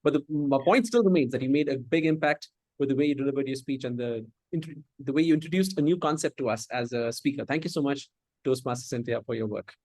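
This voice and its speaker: A man with an Indian English accent hosting a speaking club meeting, sometimes halting and restarting as he searches for words. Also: mid-range voice, darkish tone, no room sound. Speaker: Toastmaster of the Day.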